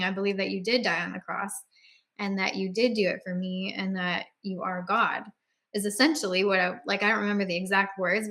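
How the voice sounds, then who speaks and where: An earnest woman recounts her own faith story in a casual, conversational way. She often pauses on fillers and starts sentences over, and her voice carries quiet emotion as she speaks. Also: mid-range voice. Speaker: guest sharing her faith testimony. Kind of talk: personal testimony, casual storytelling.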